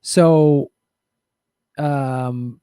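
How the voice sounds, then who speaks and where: A man's voice: medium pitch, fairly even intonation, very slow, warm tone, clean tone, no echo. Reflective guy talking to his viewers, lots of ums and restarts, dry sound. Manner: rambling, reflective, frequent fillers and restarts. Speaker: show host. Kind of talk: casual commentary to live chat.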